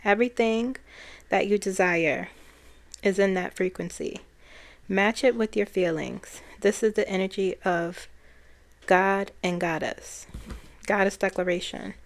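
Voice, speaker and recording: A woman who is a spiritual channeler, talking in a soft-spoken, reflective way and laughing often. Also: medium pitch, steady tone, unhurried, no echo. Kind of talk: casual spiritual talk.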